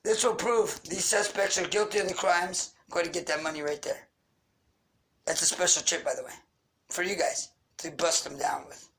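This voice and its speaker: A man's voice: a little high, steady tone, moderate pace, a bit bright, rough recording. A man rants into the camera, angry and accusatory. He fires off grievances and insults in a raw, unscripted monologue. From Queens, New York. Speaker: vlogger. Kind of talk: ranting monologue.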